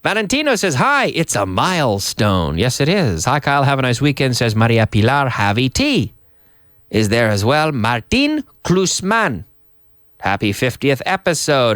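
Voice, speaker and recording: A man, a native English speaker, teaching an English lesson live and reading viewer messages aloud with animated energy. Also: medium pitch, unhurried, no echo, studio quality. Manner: lively, animated, reads viewer comments aloud. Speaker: English teacher and radio host.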